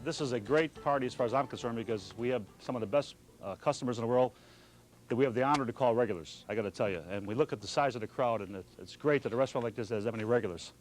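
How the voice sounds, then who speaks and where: A man's voice: mid-range voice, very fast, soft background music. A man, a restaurant owner hosting a party who tells genial anecdotes to his guests. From Chicago. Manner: genial anecdotal storyteller, addresses the crowd. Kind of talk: speech to party guests and interview answers. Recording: loud party crowd behind. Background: crowd of party guests chatting.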